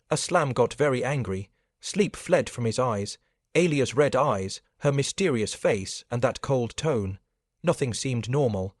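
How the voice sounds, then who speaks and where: Guy reading a spooky story, steady and even, dry close sound. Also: medium pitch, no echo. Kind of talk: scripted story narration.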